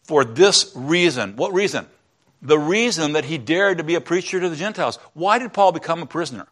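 A man's voice: a little high, expressive, brisk, fairly bright tone. A man preaching a sermon in a church, teaching in a conversational way and chatting with the congregation between points. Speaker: pastor.

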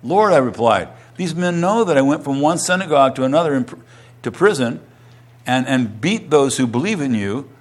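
A middle-aged male pastor preaching a sermon, reading scripture aloud and then retelling it with rising, animated emphasis. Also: moderate pace. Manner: animated, rising in pitch and volume when retelling a quoted testimony.

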